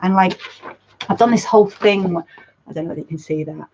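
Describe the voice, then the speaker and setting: A woman's voice: on the low side, brisk, a little mellow, a little hiss or hum. A woman hosting a community chat as a counsellor, talking casually in a rambling, self-correcting way and swearing now and then. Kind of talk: casual talk. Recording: dull lo-fi sound.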